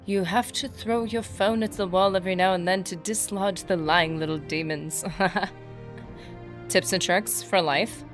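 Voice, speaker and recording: A woman's voice: lowish voice, steady tone, measured pace, soft background music. Bubbly woman streamer chatting with viewers. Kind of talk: casual livestream gaming chat.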